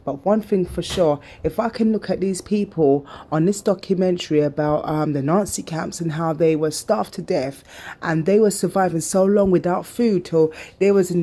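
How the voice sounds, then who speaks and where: A woman's voice: lowish voice, normal speed, mellow. A British woman vlogging and telling a personal story in an emphatic way, repeating phrases for stress.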